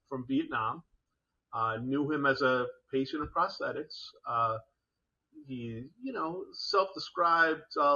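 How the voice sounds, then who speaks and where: Bright-voiced storytelling male clinician. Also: a little high, dull audio. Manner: animated storyteller, acts out quoted voices. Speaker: prosthetics clinician. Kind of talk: anecdotal storytelling in a podcast.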